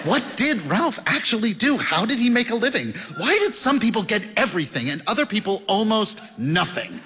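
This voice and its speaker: Man, audiobook narration, animated pitch, bright tone, long reverb. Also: a little fast, slight background noise. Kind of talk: scripted narration.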